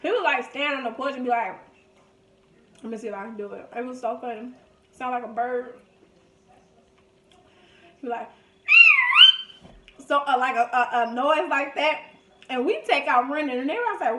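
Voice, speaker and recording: A woman's voice: sits high, moderate pace, pauses often, far from the mic, a little hiss or hum. A woman, telling family stories in a casual vlog and acting out the people she quotes. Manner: chatty, reminiscing, quotes people in lively voices. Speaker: vlogger. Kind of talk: casual storytelling during a food video. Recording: echoey room.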